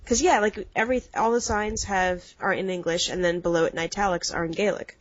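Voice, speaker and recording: A woman's voice: medium pitch, steady tone, a little fast, no echo. An American woman co-hosting a podcast, telling rambling stories in casual chat and acting out what people said. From United States. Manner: rambling storyteller, acts out quotes. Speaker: podcast co-host. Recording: dull lo-fi dry sound.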